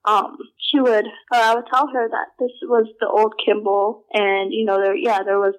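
A young adult woman telling personal stories in a casual, halting way, full of filler words and restarts. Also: medium pitch, flat delivery, rough recording. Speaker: storyteller.

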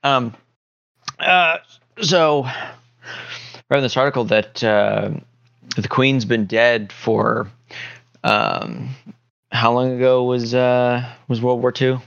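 A man's voice: mid-range voice, vocal fry, a bit bright, lo-fi sound. Rambling man telling a joke theory. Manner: rambling, halting, full of fillers, jokey. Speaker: podcast co-host. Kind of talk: casual chat.

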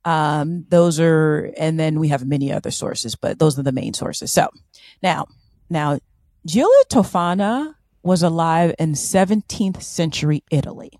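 A woman co-hosting a podcast, chatting casually and telling a story in an animated, playful way. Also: low-pitched, measured pace, dry recording, clean studio sound. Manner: animated, playful, fond of silly voices. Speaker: podcast co-host.

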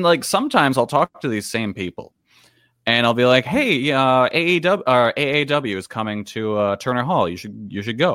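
A man with a mid pitch and a lively, swooping delivery, speaking on a casual podcast. His voice sounds dry and close, and he slips into other people's voices as he tells stories. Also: no room sound. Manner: storytelling, acts out other people in conversations. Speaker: podcast co-host. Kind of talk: casual wrestling discussion.

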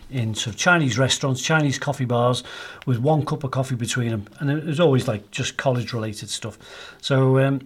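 A man's voice: mid-range voice, breathy edge. A man co-hosting a podcast, telling a long story in a chatty, rambling way with many fillers. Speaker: podcast co-host.

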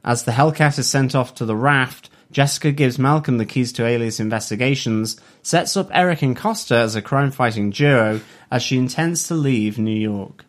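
A man with a mid-range voice hosts a TV review podcast. He reads an episode synopsis in a steady, measured way, keeping it conversational. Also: medium pitch. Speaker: podcast host. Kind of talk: casual review chat and read synopsis.

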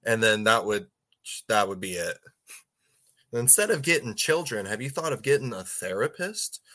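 A man's voice: on the low side, very animated, normal speed, sharp tone. A man in casual podcast chat, rambling and stumbling over his words with frequent laughs.

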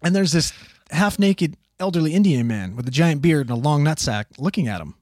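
Talking fairly quickly in a slightly high voice, this young man, a paramedic, spins a crazy job story with plenty of swearing. He's animated and voices each character himself. The audio is dry and studio-clean.

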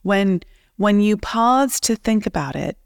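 A woman coach giving a slow, reflective motivational talk, speaking straight to the listener. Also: mid-range voice, animated, vocal fry, smooth, dry recording, clean studio sound.

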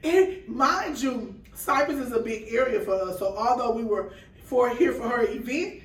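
Animated woman telling a story, roomy sound. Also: a little high, normal speed, distant mic. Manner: animated, acts out dialogue in quoted voices. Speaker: guest, food truck owner. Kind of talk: storytelling in casual chat.

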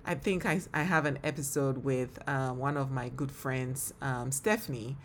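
A woman with a Ghanaian accent speaks on her solo faith podcast in a low, full voice. Her talk is earnest and heartfelt, and she laughs often as she reflects. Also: fairly even intonation, moderate pace, slight background noise. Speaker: podcast host and ministry leader.

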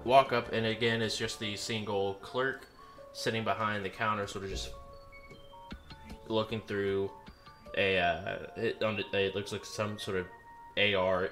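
A man narrating a tabletop role-playing game as game master, halting with many fillers. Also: fairly low pitch, fairly bright tone.

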